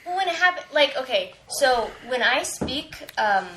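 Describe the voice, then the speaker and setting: A woman's voice: high voice, sing-song, moderate pace, pushed and bright, a little hiss or hum, low-quality recording. A woman guests on a casual podcast, chatty and playful. She is a couple of drinks in and giggles often.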